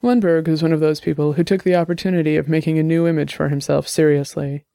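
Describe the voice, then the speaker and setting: A narrator reading a story aloud in a steady, measured way. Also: mid-range voice, vocal fry, no echo, studio quality. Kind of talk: scripted audiobook narration.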